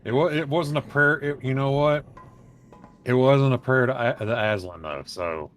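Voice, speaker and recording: Man, casual co-host, profane rambling storyteller, mid-pitched voice. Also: moderate pace, faint music behind. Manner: profane, rambling storyteller who acts out quotes. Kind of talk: casual chat.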